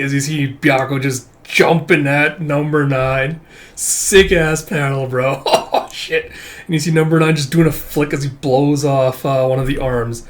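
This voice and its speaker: A man's voice: fairly high pitch, steady tone, a little slow. A man hosting a comic read-through channel, talking casually and rambling, with lots of fillers and some casual swearing. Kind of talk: casual reading commentary.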